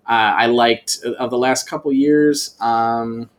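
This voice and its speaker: A man's voice: medium pitch, fairly even intonation, slow pace. A man guesting on a podcast, chatting casually and rambling with many fillers and restarts. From United States. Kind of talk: casual chat.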